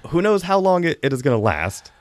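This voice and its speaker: A man's voice: fairly high pitch, very animated, fairly quick, dry recording. A man hosting a casual podcast chat, reviewing a film in a rambling, chatty way with frequent laughs.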